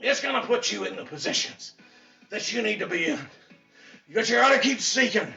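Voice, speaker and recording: A man giving an impassioned motivational pep talk as a fitness instructor, preachy and repetitive, bursting into shouts. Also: high-pitched, expressive, normal speed, creaky. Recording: echoey, distant, dull mic with faint music.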